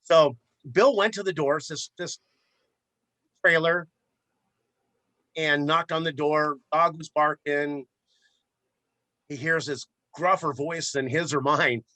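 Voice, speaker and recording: Bright-voiced florist man telling a story. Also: on the high side, slow, long pauses, no echo. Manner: animated storyteller who repeats words as he goes. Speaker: florist and shop owner. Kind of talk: casual storytelling in a podcast interview.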